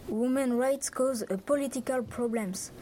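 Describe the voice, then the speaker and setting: A blunt, dismissive laundry boss who scoffs at women voting, acted by a young woman in a classroom radio-debate role-play. The voice is a touch high and mellow, and the delivery is stiff and scripted. There is faint noise behind it. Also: moderate pace, close to an everyday voice. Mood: scornful. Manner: blunt, dismissive, stiff non-native English phrasing. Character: scornful male laundry owner arguing against women voting.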